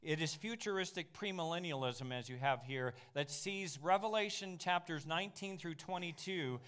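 A man teaching a Bible class in an animated sermon style, slowing down on key phrases and making asides to the room. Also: a little high, clear, resonant tone.

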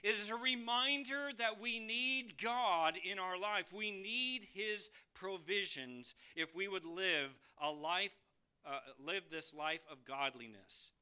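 A man preaching a sermon from the pulpit, moving between emphatic rises and soft low drops, asking the congregation questions. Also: slow, smooth. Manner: addresses listeners as beloved, asks them questions. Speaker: pastor.

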